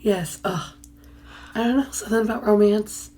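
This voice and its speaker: A woman's voice: mid-range voice, normal speed, mellow. A young woman co-hosting a casual library podcast, giving short answers that trail off, with frequent giggles. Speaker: podcast co-host. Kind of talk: casual chat.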